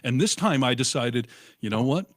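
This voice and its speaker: A middle-aged man chatting casually, telling lively anecdotes and acting out the people in them. His voice sits in a middle register. The sound is dry and close, with no room around it. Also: medium pitch, moderate pace, no room sound. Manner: animated storyteller, acts out quotes. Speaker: co-host. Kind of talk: casual political chat.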